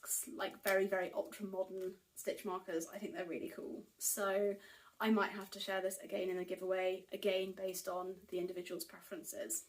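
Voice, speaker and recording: A woman's voice: mid-range voice, little pitch movement, moderate pace. A woman chatting casually to camera about her knitting purchases, enthusiastic and full of ums and likes. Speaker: knitting vlogger. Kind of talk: casual haul chat to camera. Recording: voice picked up from a distance.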